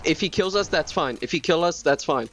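A man streaming a video game live, chattering excitably and repeating himself in quick bursts. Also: fairly high pitch. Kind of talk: casual live gameplay commentary. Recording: dull lo-fi stream mic.

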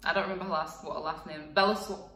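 Young woman, casual vlog, frank and chatty, bright voice, roomy echo. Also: lowish voice, steady tone, racing, distant mic. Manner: chatty, frank, lots of fillers and laughs. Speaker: vlogger. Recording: echoey room, voice a bit off-mic.

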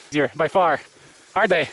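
A man's voice: a little high, fairly bright tone, slight background noise. A man filming friends on a ski trip outdoors, cheering them on, teasing and laughing often in casual commentary. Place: outdoors on a snowy hill. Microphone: handheld camera.

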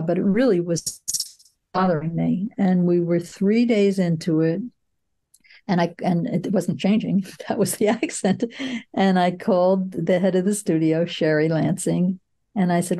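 An older woman with a low, mellow voice talks through her experiences as a producer. She tells her stories reflectively, pausing often with fillers, in a relaxed conversational interview. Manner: reflective, storytelling with frequent fillers. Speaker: film producer, guest.

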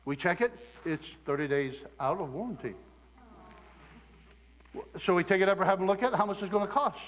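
A middle-aged man from Southeast Ohio preaching a sermon, telling stories with lively acted quotes and laughter. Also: sits high, brisk, in a large hall.

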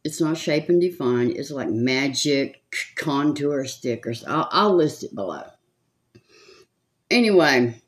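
An older woman from California with a Southern accent speaks slowly in an extremely low voice with lively intonation. Doing her makeup on a vlog, she chats and gossips, rambling along with frequent laughs.

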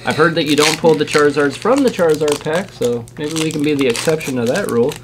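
A man's voice: fairly high pitch, quick pace, background noise. Eager man reeling off card names. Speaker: channel host opening trading card packs. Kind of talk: casual chat while unboxing.

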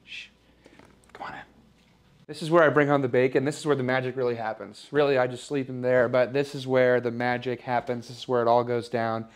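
Brisk and flat, his mid-range voice lightly acted, a young man gives a comedic tour of an apartment loft, moving room to room. His improvised parody character is a smug, oblivious rich guy who rambles and brags with mock sentiment.

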